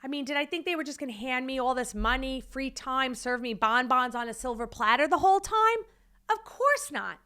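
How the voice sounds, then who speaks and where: Lively woman host telling a story, bright fairly high voice, acts out the quotes, laughs here and there. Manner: animated, acts out quotes with big pitch jumps; laughs while telling, many "like" and "you know". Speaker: podcast host. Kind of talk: personal storytelling.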